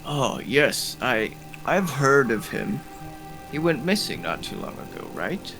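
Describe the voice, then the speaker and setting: A man's voice: mid-range voice, very animated, slow pace, creaky, fairly bright tone, faint music behind, exaggerated voice, low-quality recording. A man playing a courteous dwarf scholar. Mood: curious. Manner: polite, formal and curious. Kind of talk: tabletop role-play voicing.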